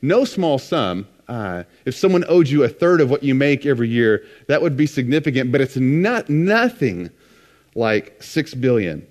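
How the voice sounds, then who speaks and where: A man's voice: mid-range voice, big pitch swings, moderate pace, a little mellow. A man preaching a conversational sermon, retelling scripture with casual asides. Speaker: pastor.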